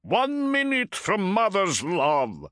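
A man voicing a proud, fierce male warrior captain who roars his words slowly and with a raised pitch. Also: expressive, bright, forceful tone, no room sound, studio quality. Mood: fierce pride. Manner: slow, booming, raised pitch.

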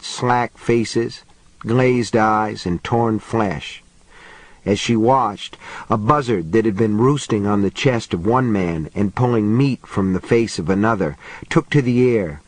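Male audiobook reader for horror, measured pacing, low register, dry booth sound. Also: dry recording. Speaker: audiobook narrator. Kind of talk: scripted horror narration.

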